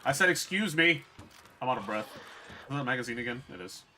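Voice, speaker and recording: A man's voice: medium pitch, quick pace, sharp tone, slight background noise. A young man streaming a video game, chatting bluntly and with swearing to his viewers as he plays. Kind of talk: casual gameplay commentary.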